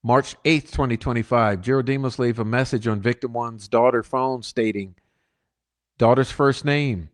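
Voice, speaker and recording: A man's voice: medium pitch, moderate pace. A man with a mid-range voice reads legal filings aloud for his channel. He breaks in with emphatic commentary, and his voice rises as he drives a point home. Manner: emphatic asides, rising when stressing points. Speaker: channel host. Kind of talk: reading court documents with commentary.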